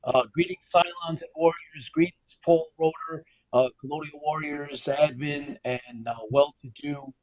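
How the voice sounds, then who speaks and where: A man's voice: on the high side, steady tone, unhurried, hardly any pauses, a little mellow, dry recording, poor audio. A man hosting a live sci-fi news broadcast, upbeat, greeting viewers by name and laughing often. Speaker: host.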